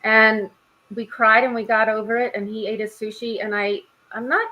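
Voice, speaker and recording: A woman's voice: a little high, steady tone, moderate pace, dull audio. A middle-aged woman, a mindset and spiritual coach, telling a candid story on a video call panel. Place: home in Florida.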